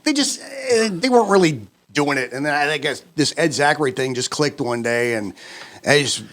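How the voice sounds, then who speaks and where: A lively man from Minnesota, a radio DJ, chatting casually as a guest. His voice sits a little high for a man, and he laughs easily through his stories. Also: a little fast. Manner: animated storyteller who laughs easily. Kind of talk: casual interview chat.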